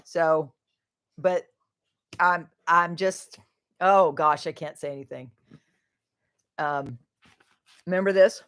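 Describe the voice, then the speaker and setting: A woman's voice: deep voice, fairly even intonation, slow, pauses often, a bit bright, clean tone. A middle-aged woman hosting a casual livestream, chatting in a rambling way, laughing often and trailing off mid-sentence. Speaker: livestream host.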